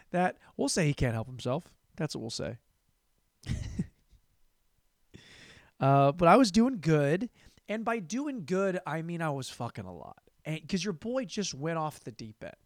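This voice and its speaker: A man's voice: a little high, big pitch swings, a little slow, pauses often, dry recording, studio quality. A young man hosting a comedy podcast, telling a crude, rambling story and repeating words for laughs.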